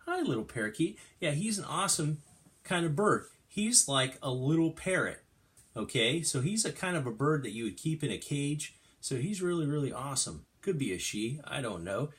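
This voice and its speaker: A middle-aged man teaching kindergarten, reading a storybook aloud in an animated, sing-song way. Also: on the high side, normal speed. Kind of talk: storytime lesson for young children.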